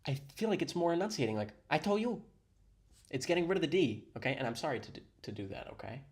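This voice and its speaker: Male reaction host, dry mock-praising tone, pitch swinging widely. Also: lively intonation, very fast. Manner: mock-admiring, dry sarcasm. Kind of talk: sarcastic reaction commentary.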